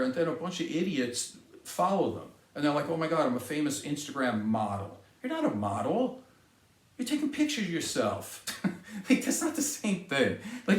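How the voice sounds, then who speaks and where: A middle-aged man hosting a podcast, delivering an indignant, sarcastic solo monologue. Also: fairly high pitch. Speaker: podcast host. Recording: echoey room.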